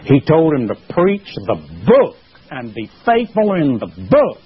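Emphatic preacher, husky lo-fi. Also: male voice, very animated, measured pace. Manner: emphatic, rising in pitch and force when pressing a point. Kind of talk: sermon. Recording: muffled lo-fi sermon recording.

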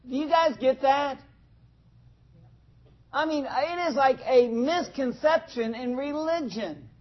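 A man preaching a conversational sermon to a church congregation, asking them questions and acting out little scenes. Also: very high voice. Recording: dull lo-fi sound.

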